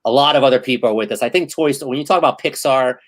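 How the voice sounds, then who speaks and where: A man in his thirties hosting a casual podcast chat, telling stories in an animated, excitable way. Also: mid-range voice, racing, rough recording. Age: 30s. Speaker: host.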